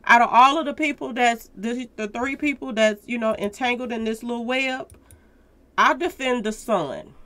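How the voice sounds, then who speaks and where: A woman's voice: fairly high pitch, normal speed, a bit bright. A woman hosting a casual news commentary, talking straight to her viewers, repeating her points with emphasis. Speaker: commentary channel host.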